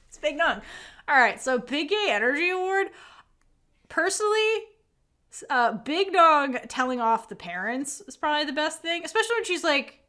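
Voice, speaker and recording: Animated high-voiced woman recapping a show. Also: moderate pace. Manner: animated storytelling, acting out character quotes; swears casually, says "like" a lot. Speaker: podcast co-host. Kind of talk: casual recap chat.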